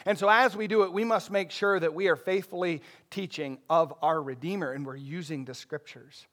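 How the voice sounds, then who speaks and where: High-voiced preacher, conversational and emphatic. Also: male voice, moderate pace, a bit bright. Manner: conversational preaching, rising emphatic bursts, asks congregation questions. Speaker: pastor. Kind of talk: sermon.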